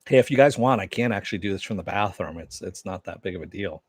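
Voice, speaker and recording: Low-voiced man chatting casually, dry sound. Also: expressive, fast talker, breathy edge, no room sound. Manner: rambling, loose, with many fillers and restarts. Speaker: show host. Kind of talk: casual live-stream chat with viewers.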